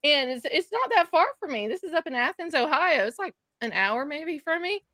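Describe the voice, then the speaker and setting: A woman's voice: sits high, animated, moderate pace, pushed and bright. A woman with a Southern US accent co-hosting a casual chat, chatty and giggly. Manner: chatty, giggly, self-teasing. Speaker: co-host.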